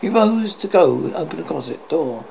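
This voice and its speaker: A man narrating a classic story aloud in a steady reading voice, with occasional small slips. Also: a little high, normal speed, creaky. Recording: slightly dull, faint hiss.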